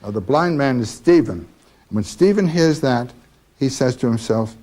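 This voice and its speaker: A man lecturing on a novel, talking slowly and haltingly with many fillers. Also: medium pitch, lively intonation, a little mellow. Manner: slow and halting with frequent fillers. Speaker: literature lecturer.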